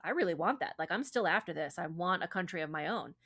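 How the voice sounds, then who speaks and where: A woman's voice: on the low side, animated, fast, a bit bright. A woman voicing an ambitious, selfish male hero who talks in an offhand way. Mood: dismissive.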